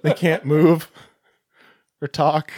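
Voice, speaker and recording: A man co-hosting a podcast in casual chat, cracking quick jokes, swearing and giggling often. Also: a little high, little pitch movement, a little mellow, no echo. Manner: quippy, giggly, profane. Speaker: podcast co-host. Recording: dry close mic.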